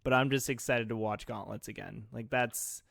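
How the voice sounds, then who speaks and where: A man's voice: medium pitch, steady tone, moderate pace, gravelly, fairly bright tone, no room sound. Young man, podcast co-host, laid-back, joking, stammering starts, dry close recording. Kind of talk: casual esports podcast chat.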